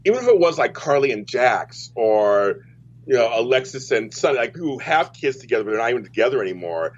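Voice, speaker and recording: Guy hosting a soap chat, rambly, restarts a lot, kinda husky, muffled audio. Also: medium pitch, sing-song, brisk. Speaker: soap opera show host. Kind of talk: casual chat. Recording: dull lo-fi audio.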